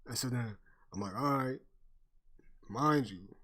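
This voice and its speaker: A man's voice: medium pitch, unhurried, pushed and bright, breathy edge. A young man chatting casually on stream, telling a story full of slang and swearing and laughing often.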